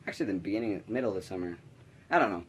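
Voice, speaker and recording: A man's voice: on the low side, expressive, very fast, a little hiss or hum. Rambling young man telling a story. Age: young adult. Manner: rambling, many restarts and "like" fillers; drops to a whisper for quoted asides. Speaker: vlogger. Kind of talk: casual storytelling to camera.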